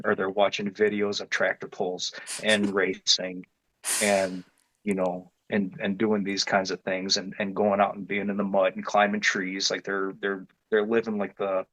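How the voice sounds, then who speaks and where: A man's voice: fairly low pitch, dry recording. A man telling a personal story in a casual, rambling way, with many restarts and fillers. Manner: grows more animated and louder as the story builds. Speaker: interview guest telling his experience. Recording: dull lo-fi dry sound.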